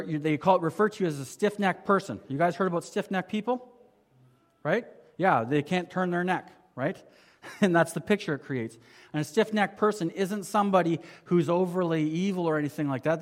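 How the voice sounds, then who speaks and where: A man preaching a conversational sermon, his voice sitting a little high for a man. He asks the listeners rhetorical questions and swings between emphatic, raised lines and quiet, low asides. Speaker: pastor.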